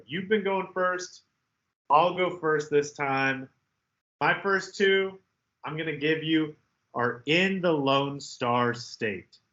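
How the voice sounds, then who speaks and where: Bright-voiced animated man talking sports picks. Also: a little high, muffled recording. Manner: animated, mimics people in loud outbursts. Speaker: podcast co-host. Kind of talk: casual sports betting chat.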